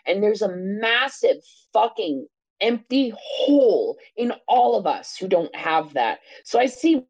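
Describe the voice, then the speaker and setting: A woman's voice: mid-range voice, very animated, measured pace, darkish tone, dry recording, rough recording. A woman co-hosting a podcast, talking passionately in casual discussion, swearing freely and often checking in with "right?". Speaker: podcast co-host.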